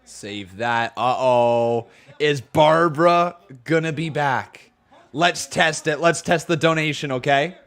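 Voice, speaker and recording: A loud, excitable man hosting a live watch-along stream, chatting and reacting as he goes. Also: fairly high pitch, takes it slowly. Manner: loud and excitable, laughs often.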